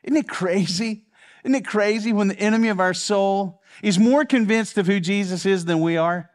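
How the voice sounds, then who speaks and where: A man preaches a sermon in a high voice. He talks with fervor and circles back over phrases to drive them home. He swings from urgent bursts down to a low, intimate hush. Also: moderate pace. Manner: impassioned, repeats phrases for emphasis, drops to a hush. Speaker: pastor.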